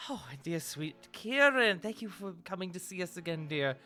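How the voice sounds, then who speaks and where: A man's voice: high voice, expressive, normal speed. A man voicing a doting, fussy middle-aged noble mother who gushes fond endearments. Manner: warm, gushing, fond endearments.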